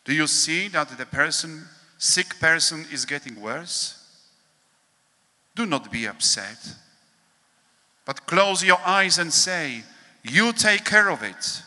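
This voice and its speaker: A priest reading a devotional meditation in a slow, measured, solemn way, with pauses, in a large hall. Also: male voice, fairly high pitch, animated, bright, forceful tone.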